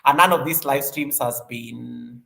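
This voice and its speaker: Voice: medium pitch, measured pace, creaky, pushed and bright. A livestream host in casual chat, greeting viewers one by one in an upbeat, chatty way, often repeating phrases and laughing.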